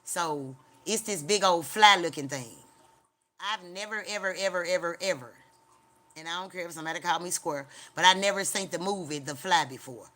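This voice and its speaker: A woman's voice: on the low side, normal speed, fairly bright tone. A woman hosting a livestream, telling a long story in a rambling, profane way, padding it with filler sounds and talking straight to her viewers. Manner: chats directly to her viewers. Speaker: livestream host.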